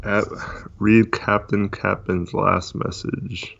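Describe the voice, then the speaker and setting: A man chatting casually on a livestream, talking in a monotone with many fillers while reading chat. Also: lowish voice, slow pace, vocal fry. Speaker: podcast co-host. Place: voice only on a live stream. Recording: dull lo-fi stream audio.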